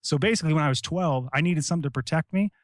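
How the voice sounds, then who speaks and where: A middle-aged American man telling stories in casual conversation, animated, acting out quotes and swearing freely. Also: on the high side, racing, dry recording, studio quality. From United States. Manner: animated, acts out quoted voices, swears casually, says "bro" and "right?". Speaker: guest, Army veteran.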